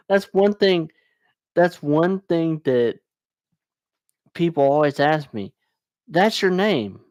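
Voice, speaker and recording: A man talks loosely to his livestream viewers, mumbling now and then and stopping to restart his sentences. His delivery is slow and unhurried, but his pitch swings widely. The sound is dry, with no room echo. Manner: rambling, laughs often, restarts sentences. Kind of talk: casual livestream chat.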